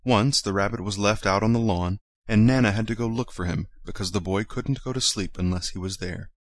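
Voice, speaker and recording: A man reads a children's story aloud in a fairly low, gentle and measured voice. The recording is dry and close, with no room sound. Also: dry recording.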